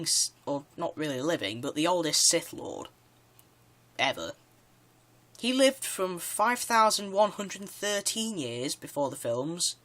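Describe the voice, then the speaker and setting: A man's voice: fairly high pitch, fairly bright tone. A man giving casual countdown commentary for his own video, rambling and eager, tossing in "yeah" often and restarting his sentences. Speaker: video creator.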